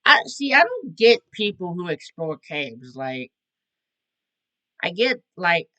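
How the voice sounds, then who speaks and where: A young man commenting on a video he is watching. He keeps swinging his bright voice up and down as he rants in disbelief, swearing and stopping himself mid-thought. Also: sits high, slow. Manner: excitable, incredulous, swears, talks over the clip. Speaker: reaction video host. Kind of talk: casual reaction commentary.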